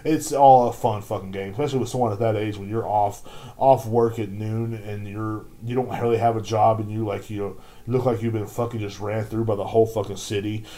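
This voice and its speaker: A man's voice: lowish voice, fairly even intonation, fairly quick, mellow. A man hosting a podcast, telling a rambling, profane story about his job as a store clerk. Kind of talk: casual rant.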